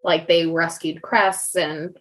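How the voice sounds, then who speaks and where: A woman co-hosts a podcast, chatting casually about a book and rambling with lots of "like" fillers. Her voice sits low, her tone is level, and she speaks slowly. The audio quality is poor.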